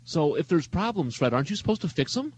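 A man's voice: a little high, very animated, fast, a little hiss or hum, rough recording. A man co-hosting a talk show who teases his colleagues in a rambling, casual way. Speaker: co-host. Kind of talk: casual chat.

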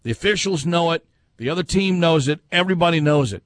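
Speaking fast in a slightly high, expressive voice with no echo, a man runs a laid-back sports talk show. He reads listener messages aloud and weighs in with his opinions.

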